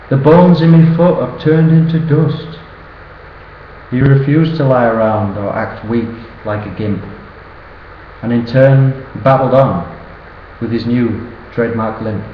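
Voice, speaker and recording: A man's voice: mid-range voice, slight background noise. A young man, reciting a cheeky rhyming birthday poem as a toast to his best friend. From northern England. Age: early 20s. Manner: cheeky, sing-song rhyming delivery. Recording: roomy, dull sound with faint ambience.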